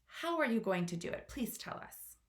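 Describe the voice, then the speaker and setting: A woman voicing a gentle female ladybug who coaxes softly, in an echoey room. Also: fairly high pitch, big pitch swings, normal speed, voice pushed up. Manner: gentle, coaxing.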